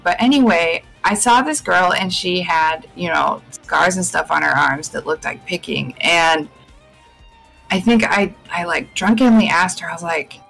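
A woman's voice: on the low side, vocal fry, a bit bright, rough recording. Rambling young woman on a live stream. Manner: chatty, rambling with many fillers and restarts. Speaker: guest. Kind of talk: casual chat on a live stream podcast.

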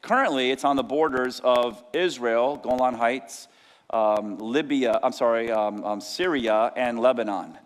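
A male pastor preaching a lively sermon, sometimes shouting out the lines of the people in his story. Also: mid-range voice, measured pace. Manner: energetic preaching, acts out disciples' cries. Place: church sanctuary. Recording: long church hall reverb.

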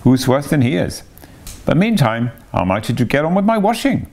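A man's voice: medium pitch, very animated, moderate pace, gravelly, darkish tone, voice pushed up. A man voicing a large, hearty canal barge woman who talks in a bluff, friendly way.

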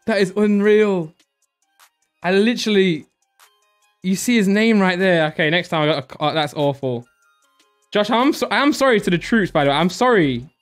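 Excitable young man live-streaming. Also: high-pitched, brisk, faint music behind. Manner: excitable, chatty, laughs often, gives shout-outs to viewers. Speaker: live-stream host opening card packs.

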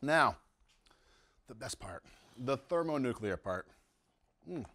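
A man's voice: medium pitch, expressive, slow pace, sharp tone. Home cook host, middle-aged man, enthusiastic and chatty in his kitchen, savoring the food aloud. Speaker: home cooking show host. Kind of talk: casual cooking demonstration.

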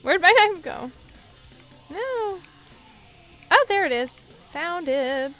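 A young woman commenting on her own gameplay, giggling, squealing and reacting excitedly. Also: very high-pitched, slow pace, long pauses, faint music behind. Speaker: gameplay video host.

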